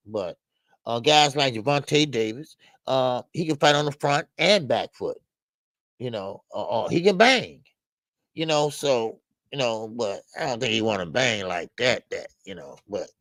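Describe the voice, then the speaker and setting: A man's voice: creaky, no echo. An older man hosting a boxing live stream, chatting casually with his viewers and speaking in with lots of fillers, his voice climbing when he protests. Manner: animated, repetitive fillers, rises in pitch when protesting. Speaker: boxing show host. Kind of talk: casual live-stream commentary, reacting to chat.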